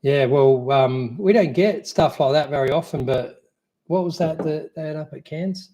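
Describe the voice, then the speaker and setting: A man's voice: on the high side, normal speed, dark tone. Rambling Australian man chatting live. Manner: rambling, easygoing, many fillers and restarts. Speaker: co-host. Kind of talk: casual live Q&A chat.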